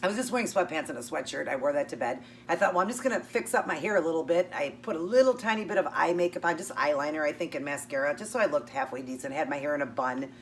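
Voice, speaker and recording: A woman's voice: deep voice, expressive, quick pace, hardly any pauses. A woman vlogger chattily telling a personal story while eating, acting out both sides of the conversation. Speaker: keto vlogger. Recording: distant mic with faint hum.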